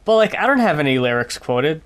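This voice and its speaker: A man's voice: a little high, very animated, brisk, a bit bright. A man co-hosting a podcast, chatting about an album in an easygoing, thoughtful way. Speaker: podcast co-host. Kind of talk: casual album review chat.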